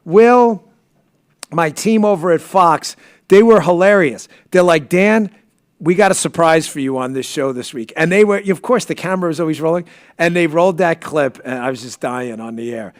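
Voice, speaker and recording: A man hosting his own live-stream show, reading an ad and telling stories in an animated, emotional way while sniffling. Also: on the high side, moderate pace, no echo, studio quality. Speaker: podcast host. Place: studio.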